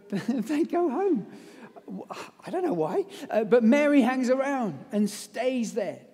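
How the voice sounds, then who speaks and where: A man preaching a lively, conversational sermon that retells a story, with casual asides. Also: high-pitched. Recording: long hall reverb.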